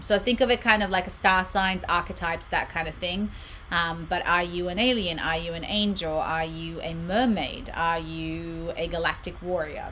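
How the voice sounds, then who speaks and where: A woman on the lower side of the usual pitch range leads a casual livestream card reading from a room at home. Her tone is bright and sharp. She chats freely, reads out viewer comments and giggles often. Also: slight background noise. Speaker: oracle card reader and channel host. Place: home room with her books on shelves behind.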